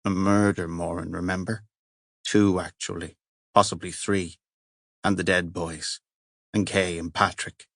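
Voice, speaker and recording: A man's voice: low-pitched, flat delivery, measured pace, gravelly, fairly bright tone, dry recording. Man reading a novel aloud in a dry voice. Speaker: audiobook narrator. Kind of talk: scripted narration.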